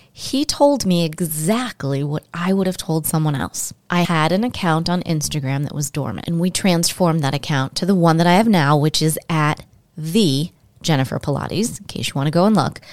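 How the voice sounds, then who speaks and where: A woman's voice: deep voice, dry recording. Candid, chatty woman podcast host. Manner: candid, emotional, chatty with listeners. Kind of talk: personal storytelling monologue.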